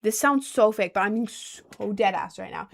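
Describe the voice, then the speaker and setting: A woman's voice: medium pitch, moderate pace, creaky. A young woman spins a casual story in a rambling way, full of filler words. She keeps breaking off to apologize for oversharing. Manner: rambling, heavy on "like", apologetic asides.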